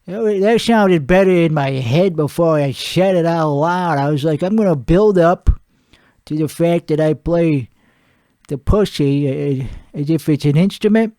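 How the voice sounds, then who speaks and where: A man's voice: on the high side, unhurried, mellow, dry recording, clean studio sound, close to an everyday voice. A man playing a brash, crude washed-up male singer-comedian who rants and rambles about his producer, his voice weak and strained from singing. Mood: ranting. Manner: crude, rambling, boastful, self-mocking. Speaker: comedy show host. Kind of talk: improvised comedic rant.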